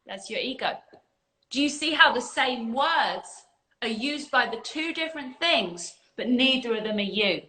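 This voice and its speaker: A woman's voice: fairly high pitch, expressive, measured pace, sharp tone, rough recording. A woman spiritual coach giving an emphatic, earnest talk on a livestream and swearing casually at times. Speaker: spiritual coach and community leader.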